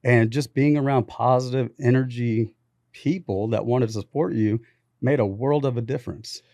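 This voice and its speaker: Male podcast guest, mid-pitched, animated storyteller, dry close studio mic. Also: moderate pace, dry recording. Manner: animated anecdotes with quoted dialogue. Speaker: podcast guest, business founder. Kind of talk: casual storytelling.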